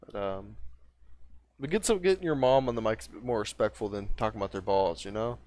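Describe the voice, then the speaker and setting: A man's voice: lowish voice, brisk, a little mellow. A young man in his twenties chatting casually on a livestream, rambling and profane, with lots of restarts. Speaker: streamer.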